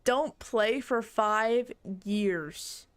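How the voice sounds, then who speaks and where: A young woman streamer chats casually while playing a game, reading on-screen text aloud and breaking into laughing shrieks. Her voice is a little high and extremely slow, with a clean tone and no room sound.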